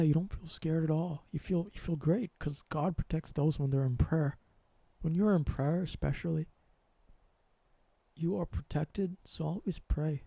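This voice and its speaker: A young man hosting a rambling, animated spiritual monologue in a slangy, casual way. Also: fairly high pitch, vocal fry, breathy edge, no echo. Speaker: host.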